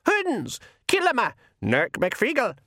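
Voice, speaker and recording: A man voicing a fierce old male pixie elder with a shrill brogue. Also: huge pitch swings, moderate pace, fairly bright tone, no room sound, clean studio sound, full character voice. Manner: shrill battle-cry brogue.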